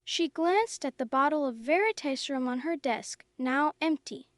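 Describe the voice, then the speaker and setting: A woman narrating a story in a slow, clear, even reading for English learners. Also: sits high, no room sound, clean studio sound.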